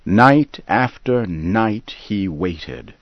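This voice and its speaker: A man narrating a story in a slow, deliberate, clearly paced scripted reading. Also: fairly low pitch, animated, no room sound, muffled recording.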